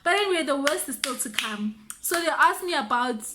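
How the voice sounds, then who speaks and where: A young woman with a South African accent telling a story on her vlog, animated and quick to act out the other people's voices. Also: high-pitched, background noise. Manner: animated, switches between voices, mixes in local words. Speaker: vlogger. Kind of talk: casual storytime.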